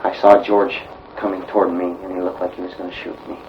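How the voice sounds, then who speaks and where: Male witness, very deep voice, muffled lo-fi tape; terse answers. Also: monotone, fast, a little hiss or hum. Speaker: witness in an archived police interview. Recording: dull lo-fi archive tape.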